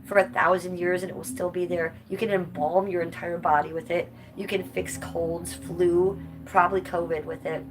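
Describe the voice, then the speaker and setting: A woman's voice: lowish voice, flat delivery, moderate pace, few pauses, low-quality recording. A woman hosting a livestream, chatting casually and bluntly with viewers and swearing freely. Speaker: livestream host. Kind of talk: casual livestream chat reading comments.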